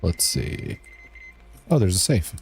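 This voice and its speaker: A man's voice: low voice, sing-song, takes it slowly, vocal fry, faint music behind. A man streaming a video game live, chatting casually and joking in a rambling way as he answers his chat.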